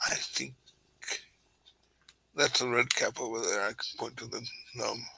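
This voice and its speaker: A man's voice: mid-range voice, fairly even intonation, measured pace, vocal fry, sharp tone, husky, no echo, exaggerated voice, low-quality recording. A man playing a cagey, hedging character. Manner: hesitant, hedging.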